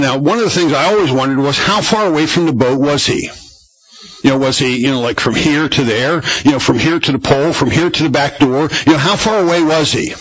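Male pastor, chatty sermon full of rhetorical questions, husky voice, dull lo-fi church recording. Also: a little high, a bit bright, no room sound. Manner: conversational, rambling with rhetorical questions.

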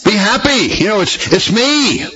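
A man voicing a calm male teacher figure who soothes and repeats reassurances. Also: sits high, moderate pace, husky, voice pushed up, exaggerated voice. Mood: reassuring. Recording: dull lo-fi recording.

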